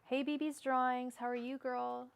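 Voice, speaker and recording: A woman's voice: sits high, level tone, normal speed, vocal fry, noisy background. A young adult woman doing a casual live-stream tarot reading, who murmurs repeated card invocations and rants heatedly. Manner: casual, swears, calls viewers girl. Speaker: tarot reader.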